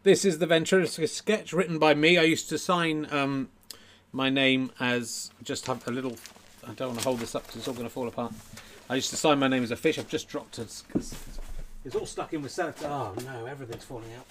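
A middle-aged man hosts a casual podcast chat from home during lockdown, rambling and self-deprecating, a little tipsy and flustered. His mid-range voice is a bit bright, with fairly even intonation and a slightly fast pace, plus a little hiss or hum.

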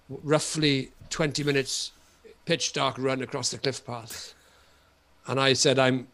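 A middle-aged Welsh man, a comedian guest on a podcast, telling a comic story in an animated way and often repeating himself. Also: mid-range voice, takes it slowly. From Wales. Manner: animated, repetitive storytelling with frequent laughter.

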